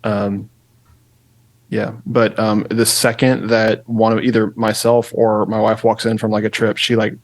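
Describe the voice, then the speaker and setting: A man's voice: lowish voice, unhurried, no echo. A young man co-hosting a podcast, talking casually and rambling with lots of fillers about his daughter. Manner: relaxed, rambling with many fillers. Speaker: podcast co-host. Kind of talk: casual chat.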